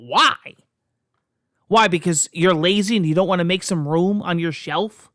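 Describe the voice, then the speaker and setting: A gaming video host chatting excitedly about console news, rambling through restarts and scoffing at critics. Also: mid-range voice, moderate pace, no room sound, clean studio sound. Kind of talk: casual gaming news vlog.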